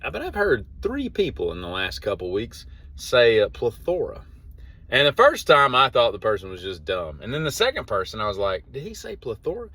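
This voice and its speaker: A man's voice: on the low side, huge pitch swings, moderate pace, bright, forceful tone. A man, hosting a casual daily monologue, wandering off track and correcting himself as he tells a story. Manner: meandering, self-correcting, wry storyteller. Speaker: host of a daily show.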